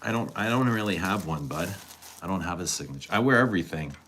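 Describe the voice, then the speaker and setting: Deep-voiced man teasing his chat. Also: expressive, quick pace, a bit bright, slight background noise. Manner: teasing, chatty, answers chat directly. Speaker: fragrance streamer. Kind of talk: casual live-stream chat.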